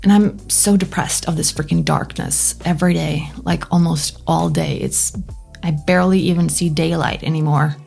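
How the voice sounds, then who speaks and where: Husky, gravelly Norwegian woman vlogging. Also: low-pitched, fairly even intonation, normal speed, faint music behind. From Norway. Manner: chatty and candid, trailing into soft whispers. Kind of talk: casual chat to camera.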